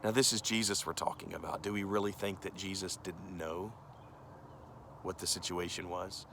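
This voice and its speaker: A man's voice: low-pitched, steady tone, normal speed, creaky, bright, forceful tone, slight background noise. A male pastor giving a conversational sermon, earnest and direct, often asking the listeners questions.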